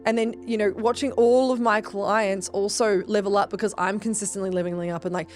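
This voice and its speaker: A woman's voice: medium pitch, steady tone, fairly quick, faint music behind. A woman, a business coach and podcast host, talking in an earnest, emphatic way with casual swearing and lots of fillers. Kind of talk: casual motivational talk.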